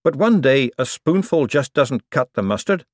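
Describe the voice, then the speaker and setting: A man reading an audiobook, voicing a brisk, outspoken young woman with a quick, wry delivery. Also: very deep voice, big pitch swings, darkish tone, no room sound, clean studio sound, pitched above the performer's own voice, exaggerated voice.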